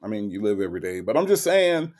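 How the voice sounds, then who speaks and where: A man hosting a casual livestream, reading viewers' comments aloud and answering them in an animated way, jumping high for emphasis and then dropping low. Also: quick pace. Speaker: livestream host reading chat.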